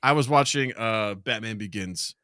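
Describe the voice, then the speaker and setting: A middle-aged man co-hosting a podcast, telling stories in a casual, animated way and acting out quotes, sometimes with shouts. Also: fairly low pitch, normal speed, smooth, no echo. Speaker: podcast co-host. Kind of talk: casual chat.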